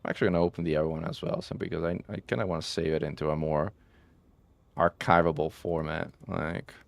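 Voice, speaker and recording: Man, very low voice, dry close sound, casual stream chat, rambling. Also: flat delivery, fast talker, vocal fry, no room sound. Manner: rambling, self-correcting, with frequent "um" and "like". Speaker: game streamer.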